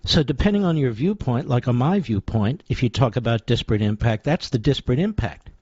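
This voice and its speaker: A male radio host tears into the news in a combative, sarcastic monologue, firing off short punchy phrases. His voice sits at an ordinary pitch. The sound is dry and close, with a slightly dull, lo-fi broadcast quality. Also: animated, a little fast, a little mellow, husky, no room sound. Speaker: radio talk show host. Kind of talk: political talk radio monologue.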